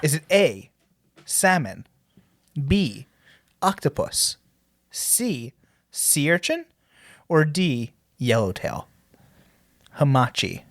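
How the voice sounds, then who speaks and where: A podcast co-host reading trivia questions and answers slowly, stumbling over some words. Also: medium pitch, very animated, no room sound, studio quality.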